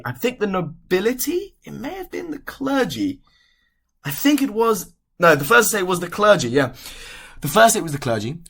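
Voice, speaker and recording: A young man talks through a history lesson for his podcast at an ordinary, mid-range pitch. He speaks casually and restarts sentences when he catches a mistake. It sounds like an unscripted explainer. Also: a bit bright. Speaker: educational podcast host. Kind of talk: explainer talk.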